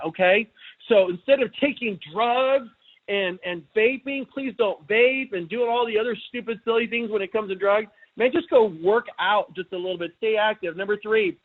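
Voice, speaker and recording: Upbeat man on a tinny call. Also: high voice. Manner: energetic, chatty, asks the audience questions. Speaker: webinar host. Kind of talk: casual motivational talk. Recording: tinny phone-like line.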